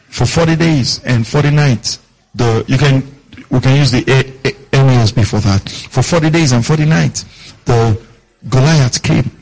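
A man's voice: slightly rough, rough recording. A man preaching a sermon as a pastor, asking his congregation questions, repeating key lines and acting out the people in his stories. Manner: acts out quoted voices with big pitch jumps.

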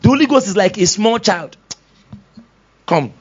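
Pastor, man; high, animated preaching that acts out scenes and voices, laughs often; slightly dull lo-fi recording. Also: a little slow, husky, soft background music. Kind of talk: sermon. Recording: dull lo-fi sound.

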